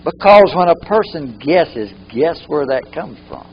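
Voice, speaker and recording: A man's voice: a little high, animated, measured pace, gravelly, muffled recording, slight background noise. A man teaching a live training workshop, often repeating key phrases for emphasis.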